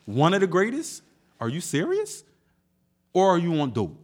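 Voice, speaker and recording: A man's voice: sits high, wildly swooping pitch, moderate pace. A man hosting a hip-hop podcast, ranting in a heated, profane, emphatic way. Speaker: podcast host. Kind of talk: casual ranting podcast talk.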